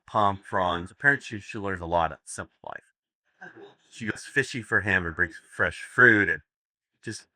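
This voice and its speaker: A man's voice: lowish voice, bright, forceful tone, no echo, studio quality. A man giving a live seminar talk, telling crude jokes as stories and laughing at his own punchlines. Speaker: seminar speaker. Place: seminar room with audience.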